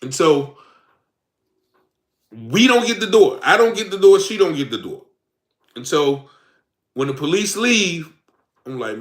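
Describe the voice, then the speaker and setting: A man's voice: a little high, very animated, measured pace, pauses often, a bit bright, reverberant. A man telling his own story in a rambling, casual way, acting out the lines of both sides of an argument. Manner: rambling, acts out quoted dialogue.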